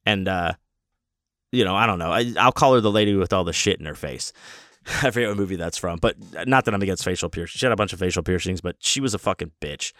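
A man's voice: sits low, fast talker, fairly bright tone, no echo, studio quality. A man telling a rambling, profane story in a casual way, with many restarts. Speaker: convention guest.

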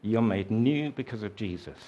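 A man preaching a sermon, telling a story slowly and reflectively, raising his voice for the quoted lines. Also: fairly low pitch, expressive, warm tone, muffled recording.

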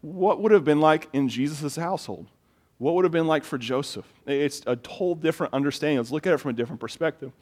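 A middle-aged man preaching a sermon as pastor, telling stories in an animated way and often repeating words as he gets excited. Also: a little high, quick pace.

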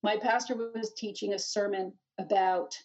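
Woman guest, earnest testimony; husky, dull distant lo-fi recording. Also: mid-range voice, steady tone, moderate pace, a little mellow. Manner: earnest, with frequent restarts. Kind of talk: emotional personal testimony.

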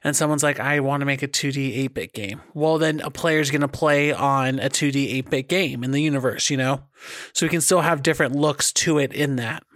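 A man's voice: mid-range voice, fairly even intonation, a little fast, fairly bright tone, no room sound, studio quality. A man in casual chat, talking with energy and steering the conversation.

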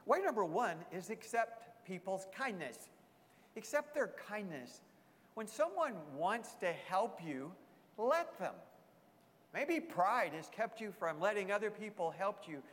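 A man's voice: high-pitched, very animated, a little slow, a bit bright. A man preaching a sermon as a pastor, earnest, repeating emphatic phrases. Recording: long hall reverb.

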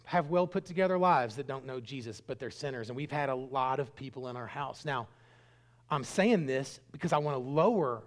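Man, middle-aged, pastor's sermon, earnest storytelling, fairly high voice, loud bursts and quiet stretches. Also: brisk.

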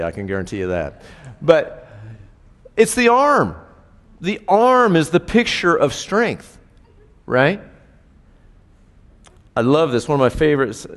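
A man preaching a sermon in a conversational way, often asking his listeners rhetorical questions. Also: medium pitch. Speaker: pastor. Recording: reverberant hall.

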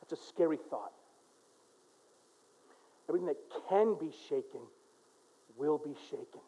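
A man preaching a sermon in a casual, animated storytelling way, dropping to a hush and then rising to loud bursts. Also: a little high, unhurried, husky, rough recording. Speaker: pastor. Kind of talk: sermon with personal stories.

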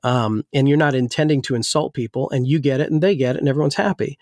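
A man's voice: mid-range voice, quick pace, darkish tone, no room sound, studio quality. A man who grew up in New Jersey and now works as a pastor, talking casually and rambling with many restarts, his voice still a little weak. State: slightly weak voice. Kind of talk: casual discussion.

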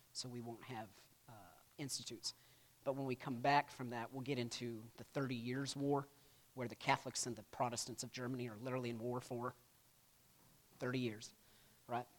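A man of middle pitch teaches church history in a loose, conversational lecture. He keeps checking in with the room by asking "right?", and he acts out historical quotes in playful voices. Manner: casual, peppers lines with "right?". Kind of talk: classroom lecture.

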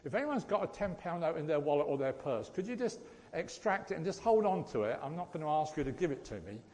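A man's voice: fairly high pitch, sing-song, fast, a little mellow, big-room sound. A man giving a chatty, joking church talk and addressing the congregation directly as lay preacher. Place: church hall.

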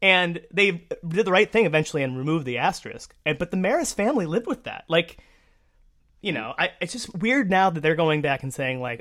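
A woman co-hosting a sports talk show, her pitch swinging widely as she rants. She talks casually, stumbling through fillers and restarts and then pushing hard on her points. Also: a little fast. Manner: animated, ranting, many fillers and restarts. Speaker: podcast co-host.

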